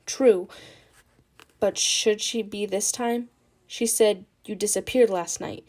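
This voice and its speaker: Woman reading as Leela, soft caring older friend. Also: mid-range voice, steady tone, slow. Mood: gentle.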